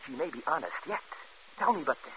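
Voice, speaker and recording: An actor playing a sly, scheming villain in a 1950s radio drama, speaking in smooth, insinuating tones on an old radio broadcast. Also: male voice, on the high side, lively intonation, fairly quick, a bit bright, muffled recording, slight background noise.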